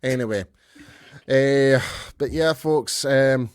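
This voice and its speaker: A man's voice: medium pitch, slow, clean tone, no room sound, clean studio sound. A man co-hosting a casual sports podcast, talking loosely and poking fun at himself. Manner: chatty, loose, self-deprecating. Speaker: podcast co-host.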